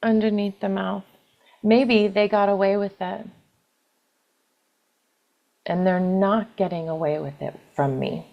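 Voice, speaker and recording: Slow gravelly-voiced woman guiding tapping. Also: medium pitch, fairly even intonation, lo-fi sound. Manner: slow, gentle, repetitive guiding with tapping cues. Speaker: EFT tapping guide. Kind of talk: guided tapping session.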